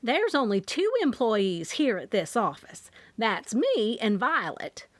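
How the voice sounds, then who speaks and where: An excitable, nosy middle-aged mother, put on by a woman narrator, pitched high and drawn out. She speaks loud and demanding in a dry, close audiobook reading. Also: slow, no room sound. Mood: bossy.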